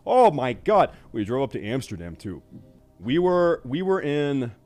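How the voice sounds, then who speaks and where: A young man streaming, ranting casually and profanely to his chat, exasperated and often loud. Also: mid-range voice, big pitch swings, a little slow, faint music behind.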